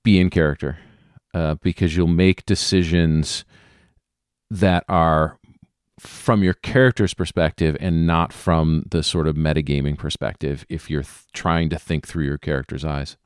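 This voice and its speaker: Deep-voiced hesitant man, dry sound. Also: fairly even intonation, unhurried, clean tone, no room sound. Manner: hesitant, many ums and restarts. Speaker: tabletop game player. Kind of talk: casual podcast chat.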